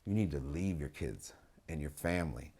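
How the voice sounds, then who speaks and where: Guy putting on a creepy low-voiced gallery dude, quiet and pushy, way under his normal voice. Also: animated, normal speed, husky, full character voice. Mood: hushed, insistent.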